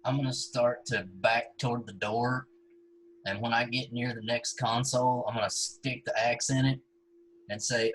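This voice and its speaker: A man's voice: medium pitch, fairly even intonation, moderate pace, fairly bright tone, a little hiss or hum, poor audio. Playful man playing a tabletop game. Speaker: player. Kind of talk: casual tabletop play.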